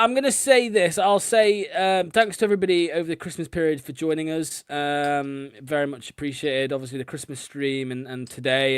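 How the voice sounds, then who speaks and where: Sweary football stream host. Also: male voice, on the high side, clear, resonant tone, dry recording, clean studio sound. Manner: frustrated, sweary, many filler ums. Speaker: host of a fan watchalong stream. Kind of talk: casual live-stream chat.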